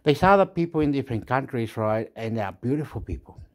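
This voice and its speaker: A man's voice: mid-range voice, animated, fast talker. A man rambling and swearing in a casual monologue, dropping into now and then. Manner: swearing, rambling, mixes English and Spanish.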